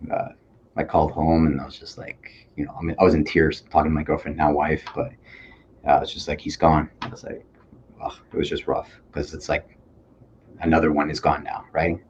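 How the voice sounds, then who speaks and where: A man from Toronto, Canada, a police officer and army veteran, speaking as a podcast guest in an earnest, reflective way with halting fillers. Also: very deep voice, completely flat delivery, darkish tone, dull audio, slight background noise. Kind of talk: candid conversational interview.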